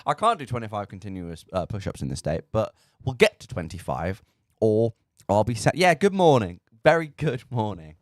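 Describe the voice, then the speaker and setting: A man hosting a charity livestream, bubbly and excitable as he thanks donors and sets up forfeits. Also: fairly low pitch, normal speed, no room sound, studio quality. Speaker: radio presenter doing charity forfeits. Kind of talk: casual charity livestream chat.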